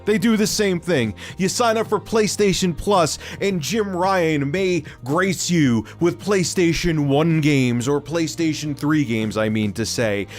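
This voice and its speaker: A man hosting tech commentary, ranting in a sarcastic, mocking way. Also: on the high side. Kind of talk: opinionated commentary.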